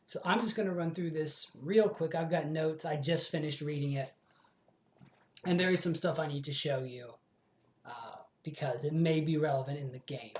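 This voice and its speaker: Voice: mid-range voice, moderate pace, darkish tone, echoey room. A let's play host in casual commentary, rambling, swearing freely and correcting themself as they go.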